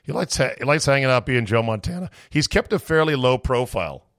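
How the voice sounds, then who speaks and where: A man hosting a sports talk show, blunt and quick with questions. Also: medium pitch, animated, a bit bright, dry recording.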